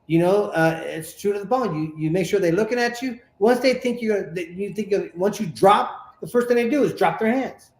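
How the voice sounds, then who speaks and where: A man's voice: high-pitched, normal speed, hardly any pauses, echoey room. A man from California, a former boxer, telling stories casually in an interview, often repeating words as he goes. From Sacramento, California. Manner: animated storyteller, repeats words while talking.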